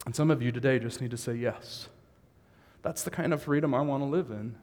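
A man's voice: medium pitch, a little fast, long reverb tail. A man preaching a sermon as a pastor, moving from easygoing asides to fervent, rising exhortation. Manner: builds from conversational to impassioned shouting.

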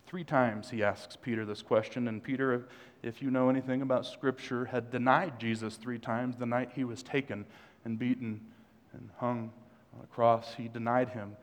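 A man's voice: medium pitch, steady tone, moderate pace, hardly any pauses. A male pastor preaching a sermon in a church, conversational, with joking asides to the congregation. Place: church sanctuary. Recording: long hall reverb.

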